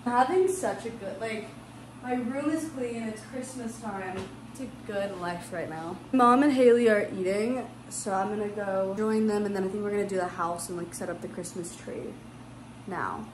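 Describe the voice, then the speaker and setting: A young woman chatting quickly and brightly in a casual vlog at home. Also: medium pitch. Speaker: vlogger. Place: home and stores. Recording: echoey room with noise.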